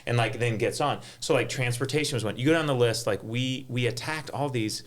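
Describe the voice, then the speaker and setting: A middle-aged man, a golf tournament director, telling stories in an animated way on a panel, full of "like" fillers. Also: mid-range voice, brisk. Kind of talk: panel conversation, storytelling.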